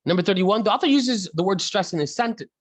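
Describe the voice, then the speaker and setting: A man with an Egyptian accent teaches an online class, chatting freely, calling on students by name and switching between English and Arabic mid-sentence. His voice sits high with lively intonation and a fast pace. The recording is dry and poor quality.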